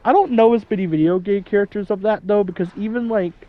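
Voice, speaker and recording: This twentysomething gaming host talks quickly in a high-sitting voice, chatting casually over his gameplay. He wanders off on tangents and chuckles at his own jokes, all captured with phone-quality sound.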